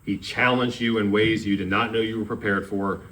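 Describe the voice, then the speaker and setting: A man's voice: on the low side, steady tone, moderate pace, fairly bright tone, low-quality recording. A man in his thirties from Maryland giving a eulogy for his grandfather, telling a story and acting out the quoted dialogue. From Maryland, USA. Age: 30s. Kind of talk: memorial speech. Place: memorial service.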